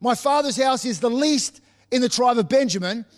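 A man's voice: extremely high pitch, expressive, moderate pace. A man preaching a sermon as a pastor, often repeating words as he restarts and acting out the voices of Bible figures.

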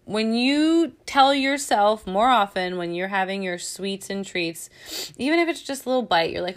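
A woman's voice: fairly high pitch, expressive, moderate pace. A woman hosting a casual motivational chat, talking candidly and loosely, with frequent laughs and plenty of swearing. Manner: candid, chatty, swears freely, laughs often.

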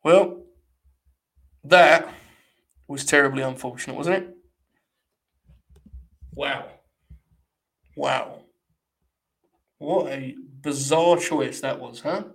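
A man's voice: mid-range voice, fairly even intonation, takes it slowly, gravelly, pauses often, fairly bright tone. A young man hosting a live stream, giving blunt, sarcastic, casual commentary and swearing freely.

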